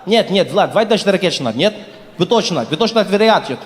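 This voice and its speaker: A man putting on a mock Russian accent to play a hurried Russian man arguing on the phone, in a live stand-up set. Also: sits high, lively intonation. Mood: insistent. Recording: live stand-up in a large hall with audience.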